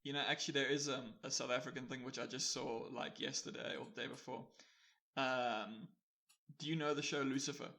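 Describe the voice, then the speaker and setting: A man chats on a gaming podcast in a playful, joking manner. His voice sits at an ordinary middle pitch, and he trips over restarts as he talks. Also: fairly even intonation, fairly quick, gravelly, pushed and bright. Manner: playful and joking, laughs often, stammers restarts. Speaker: podcast co-host. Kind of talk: casual gaming podcast chat.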